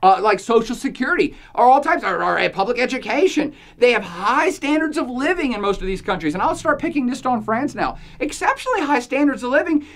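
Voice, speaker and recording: A woman hosting a podcast, giving opinionated commentary in a jokey, sarcastic way and laughing often between points. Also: sits high. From United States. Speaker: podcast host.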